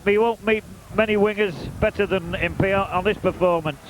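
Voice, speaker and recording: A man's voice: sits high, steady tone, a little fast. A man doing chatty, wry football commentary from an open-air commentary position, openly cheering on the home side. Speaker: match commentator. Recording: noisy outdoor stadium recording.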